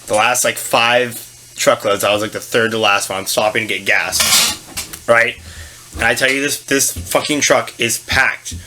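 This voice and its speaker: A man hosting a casual chat, telling stories with lots of swearing and loud put-on voices. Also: mid-range voice, moderate pace, music in the background. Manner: storytelling, swearing, loud animated impressions. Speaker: podcast host. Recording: faint background noise.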